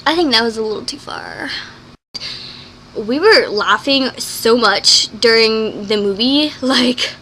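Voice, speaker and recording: A woman chatting in a casual vlog, talking fast and gushing, with plenty of "like" and acted-out quotes. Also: fairly high pitch, slight background noise. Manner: excitable, acts out quoted lines. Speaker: vlogger. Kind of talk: casual vlog chat reviewing a movie.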